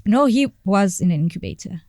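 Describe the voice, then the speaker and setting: A woman, a podcast guest telling a personal story in a halting way, searching for words and repeating phrases. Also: medium pitch, very animated, dark tone, no echo, clean studio sound.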